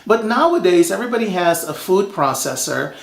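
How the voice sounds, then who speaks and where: A man from Suriname hosting a home cooking show, telling stories in a lively, chatty way. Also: high voice, brisk, gravelly, roomy sound. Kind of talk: casual cooking show talk.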